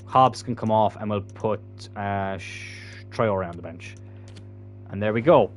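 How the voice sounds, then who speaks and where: A man's voice: on the low side, unhurried, slight background noise. A man giving casual, chatty commentary while playing a football video game, swearing freely. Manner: chatty, swearing, bursts into loud laughter. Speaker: gaming YouTuber.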